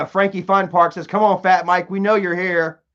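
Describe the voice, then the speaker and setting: A man's voice: sits high, fairly even intonation, moderate pace, a bit bright. A young man live streaming, rambling and repeating himself while reading out viewer comments, often stumbling and restarting. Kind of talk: casual live stream chat. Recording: dull lo-fi stream audio.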